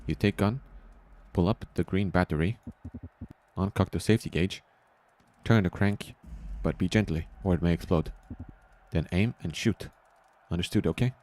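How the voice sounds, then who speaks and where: A man's voice: sits low, moderate pace, a little mellow, lightly acted. A man voicing a blunt male rebel character who talks in broken English, dropping small words. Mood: bossy.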